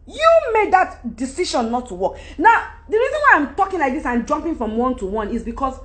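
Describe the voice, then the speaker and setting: A middle-aged woman with a Nigerian accent, ranting unscripted into her phone on a live stream, preachy and animated with loud outbursts. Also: high voice, a little fast. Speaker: livestream host.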